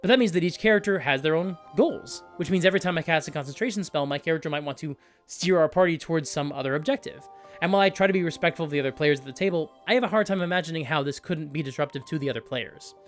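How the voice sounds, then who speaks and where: A man hosting a tabletop gaming video, talking through his thinking in an animated, self-questioning way. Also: a little high, fast, soft background music. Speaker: YouTube host.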